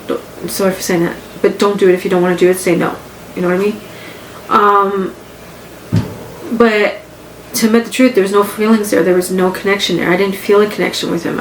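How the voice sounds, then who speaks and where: Woman, podcast host, candid, rambling, home living room, echoey room, faint hum. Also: medium pitch. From Canada. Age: adult with grown children. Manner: rambling and candid, repeats phrases. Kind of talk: casual personal podcast monologue. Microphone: home podcast mic setup.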